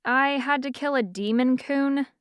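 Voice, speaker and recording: A defiant young witch who bristles at every slight, voiced by a woman narrator. Her lines sit a touch higher and snap back quickly. The voice is smooth and dry. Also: no echo. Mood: weary. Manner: indignant, spluttering. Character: hot-tempered young witch, indignant and defiant.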